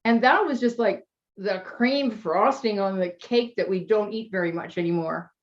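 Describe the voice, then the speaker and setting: A woman's voice: medium pitch, normal speed, lo-fi sound. A woman health coach telling a client's story in an interview, chatty and emotional, at times teary.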